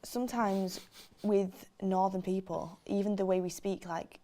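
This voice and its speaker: A woman with a Mancunian accent co-hosting a football watchalong in casual chat, her voice going hoarse. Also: mid-range voice, steady tone, mellow. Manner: chatty, quick to defend her own accent.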